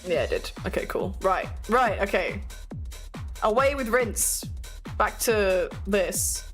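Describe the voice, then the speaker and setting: British woman streamer, chatty and giggly, lively pitch, music quietly behind. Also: takes it slowly. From Britain. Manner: chatty, giggly, self-mocking. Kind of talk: casual chat stream. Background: faint music playing.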